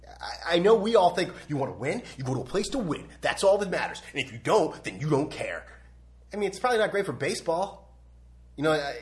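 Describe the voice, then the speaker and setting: Young guy doing a sports rant, kinda high voice, bouncy delivery, sarcastic and blunt, lots of restarts. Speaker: sports podcast host. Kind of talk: casual sports opinion rant.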